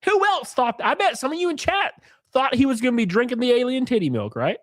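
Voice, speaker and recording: A man hosting a live stream, chatting casually and joking loudly with viewers while sick and sniffly. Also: very high-pitched, sing-song, fairly quick, dry recording, clean studio sound. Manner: rowdy, jokey, loud exclamations and laughs. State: sick and sniffly, stuffed nose.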